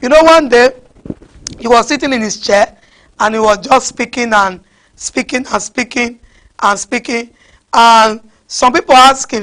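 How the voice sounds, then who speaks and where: High-pitched woman preaching. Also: measured pace. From West Africa. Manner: animated, repeats "huh?" to the crowd, mixes in pidgin. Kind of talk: sermon.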